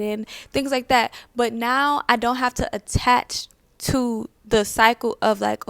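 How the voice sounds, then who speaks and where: Gravelly woman asking gentle questions. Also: on the high side, steady tone, a little slow, no room sound. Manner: conversational, repeats phrases, asks many questions. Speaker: spiritual vlogger. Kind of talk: casual reflective talk to camera.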